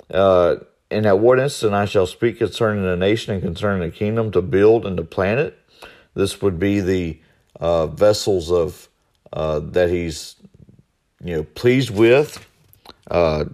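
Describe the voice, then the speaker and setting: A man's voice: low voice, measured pace, a little mellow. A male pastor preaching verse by verse, with many fillers and repeated words, rising when he voices God. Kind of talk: verse-by-verse sermon.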